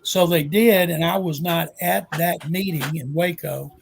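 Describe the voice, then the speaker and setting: A man in his seventies with a Texan accent, a guest sportswriter telling animated anecdotes in an interview. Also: fairly high pitch, a little slow, vocal fry, slight background noise. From Texas. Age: 70s. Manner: animated anecdote-teller, acts out quotes. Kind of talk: storytelling interview.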